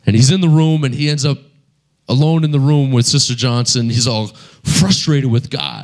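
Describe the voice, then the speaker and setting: A man's voice: mid-range voice, expressive, normal speed. A man preaching a sermon in a conversational storytelling manner. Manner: conversational storytelling with many fillers.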